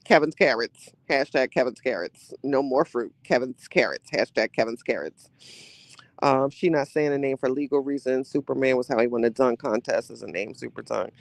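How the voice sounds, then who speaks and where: A man's voice: medium pitch, moderate pace, gravelly, no echo. A man hosting a casual live podcast, reading viewer comments aloud and reacting to them with gossipy, slangy asides and frequent laughter. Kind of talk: casual live-stream chat.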